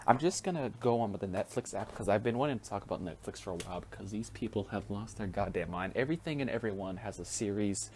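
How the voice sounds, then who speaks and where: A man's voice: on the low side, expressive, fast, hardly any pauses, a little mellow, slight background noise. A young man hosting a casual solo podcast, rambling and swearing freely with frequent chuckles. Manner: profane, rambling, chuckles often. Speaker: podcast host.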